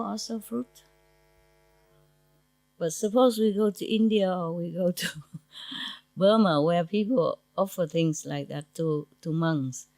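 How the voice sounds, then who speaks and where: A woman's voice: mid-range voice, darkish tone, no room sound, low-quality recording. A woman spiritual teacher giving an informal, chatty talk to her disciples in broken English grammar, laughing often.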